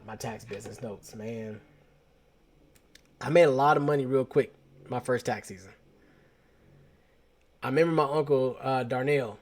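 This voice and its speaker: A man host telling a personal story in a casual, slangy, animated way, often restarting his sentences. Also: mid-range voice.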